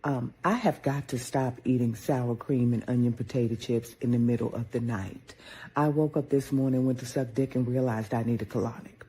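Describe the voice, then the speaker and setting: A man tells a crude, confessional comic story full of swearing. His tone is mellow and a little husky. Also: medium pitch, fairly even intonation, moderate pace. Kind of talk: vulgar comedic monologue clip.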